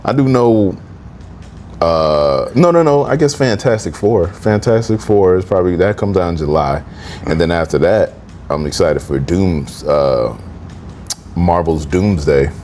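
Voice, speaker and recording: A very deep-voiced man from New Jersey co-hosts a podcast in easygoing chat. He tells stories in a relaxed way and livens up at the funny bits. A faint hum of room noise sits under him. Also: measured pace. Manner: laid-back storytelling, animated when telling funny stories. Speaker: podcast co-host. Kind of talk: casual chat.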